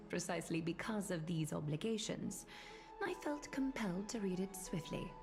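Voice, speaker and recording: An actress voicing a composed, formal young woman scholar in a game, speaking with measured precision. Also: on the low side, expressive, music in the background. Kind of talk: game voice acting.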